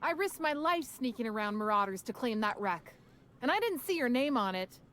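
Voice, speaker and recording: An actress voicing a tough, sharp-tongued female salvager in a video game, blunt and scornful. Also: on the high side, very animated, fairly quick. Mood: defiant.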